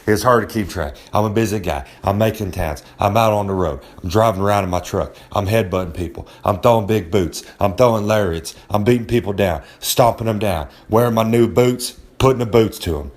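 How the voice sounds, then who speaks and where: Playing a brash, boastful pro wrestler persona, this recurring segment host delivers a comedic rambling monologue, cocky and talking down to listeners. His voice is on the low side and close to everyday speech, fairly quick with few pauses.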